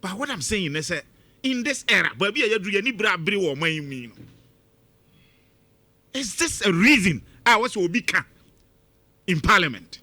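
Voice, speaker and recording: A Ghanaian man with a Ghanaian accent hosting a radio commentary, talking in an emphatic, lively way. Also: high voice, moderate pace, pauses often, dry recording. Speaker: radio host. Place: radio studio.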